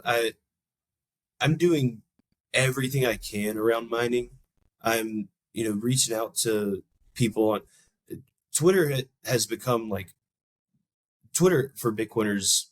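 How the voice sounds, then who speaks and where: A young man on a podcast, telling a long personal story in a fairly low voice. His talk wanders with restarts, and he acts out the people in the story with jumps up in pitch. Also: a little slow, pauses often, no room sound. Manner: animated storyteller, acts out quoted people in a raised voice; loose, rambling talk with many restarts. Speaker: podcast guest. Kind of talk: casual storytelling interview.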